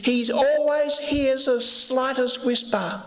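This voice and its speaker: Male pastor, sermon, high voice, slow deliberate delivery, echoey church hall, long reverb. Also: steady tone, a bit bright, soft background music. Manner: earnest, emphatic repetition. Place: church sanctuary.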